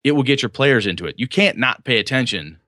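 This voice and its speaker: Bright animated male game master. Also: mid-range voice, quick pace, no room sound, studio quality. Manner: animated, swearing, laughing, acts out game scenes. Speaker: podcast host and game master. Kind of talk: casual chat about running tabletop games.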